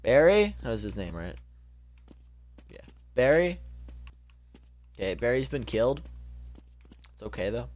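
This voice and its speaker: A young man streams a game and talks through it casually, cracking jokes and blurting out reactions. His pitch swings widely and stays animated throughout. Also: a little slow, pauses often. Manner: jokey, exclaiming, talking to himself. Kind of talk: casual gameplay commentary.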